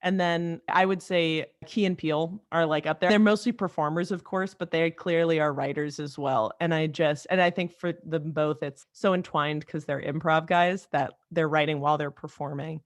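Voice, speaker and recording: Animated woman, dry close mic. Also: sits low, no echo. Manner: animated, talks in quick restarts and asides. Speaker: guest comedy writer. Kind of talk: casual interview chat.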